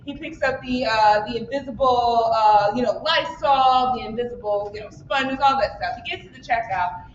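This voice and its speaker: A woman's voice: on the high side, moderate pace, distant mic, highs cut off, a little hiss or hum. A woman performer telling an improvised comic story in a rambling, giggly way. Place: theater stage. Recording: very echoey stage recording from afar.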